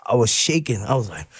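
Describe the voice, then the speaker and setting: A man telling stories on a podcast, animated, laughing often and acting out the people in his stories. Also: a little high, vocal fry, no room sound. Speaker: podcast guest. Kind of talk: casual storytelling.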